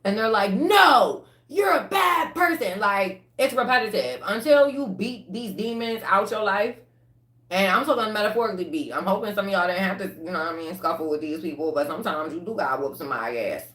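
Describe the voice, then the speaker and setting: A woman's voice: mid-range voice, fast talker, echoey room. Blunt, profane woman tarot reader. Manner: blunt and profane, with lively rants. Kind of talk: casual livestream reading.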